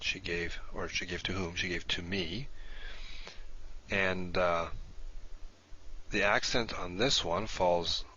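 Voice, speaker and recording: A man's voice: sits low, bright, forceful tone, breathy edge. A man giving a recorded grammar lecture, methodically laying out the conditions step by step, heard through dull lo-fi video playback.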